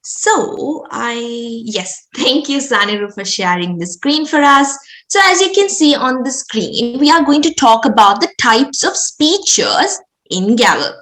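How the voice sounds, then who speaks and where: High lively young woman explaining slides. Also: measured pace, echoey room, rough recording. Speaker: club presenter at orientation. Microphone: video call.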